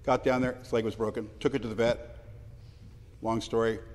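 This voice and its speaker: A man speaking in a parliamentary debate, personal and anecdotal, with halting restarts. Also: medium pitch, little pitch movement, a little mellow. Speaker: legislator answering questions. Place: large legislative chamber. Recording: long reverb of a large hall.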